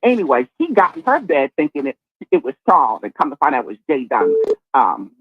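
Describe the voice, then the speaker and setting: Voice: mid-range voice, huge pitch swings, breathy edge, no room sound. Rambling caller on a dull, dry line. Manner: rambling, halting, full of fillers. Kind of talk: casual chat.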